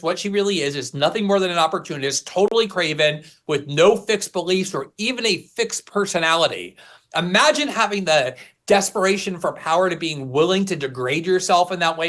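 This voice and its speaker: Higher-voiced man, scornful commentary. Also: fairly bright tone. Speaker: guest commentator. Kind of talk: political commentary chat.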